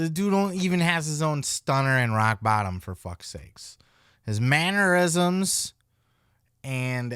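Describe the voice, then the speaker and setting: Male podcast host, smooth clear voice, dry close sound, blunt and profane. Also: medium pitch, a bit bright, no room sound. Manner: profane, opinionated. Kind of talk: casual commentary.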